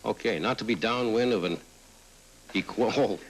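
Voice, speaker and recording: On poor audio with a little hiss or hum, a middle-aged talk-show host with a lowish voice reads audience cards at normal speed. He teases them with wry quips as the studio audience laughs loudly in this old late-night TV broadcast.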